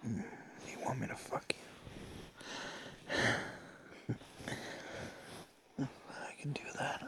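A young man in a whispered role-play, speaking softly and intimately to the listener in a coaxing tone. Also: very slow.

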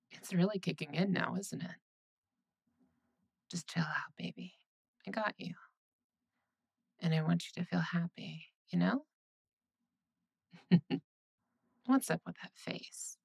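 A woman voicing a caring, teasing young girlfriend in a whispered role-play, soothing and reassuring with soft laughs. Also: lowish voice, vocal fry, slightly rough, exaggerated voice.

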